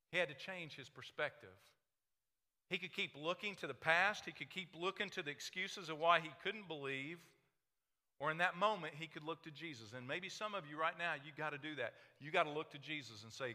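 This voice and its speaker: Bright-voiced preacher man, echoing hall. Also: on the high side, moderate pace. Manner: impassioned, swinging from hushed to loud. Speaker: pastor. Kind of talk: sermon. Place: church sanctuary. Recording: echoey hall reverb.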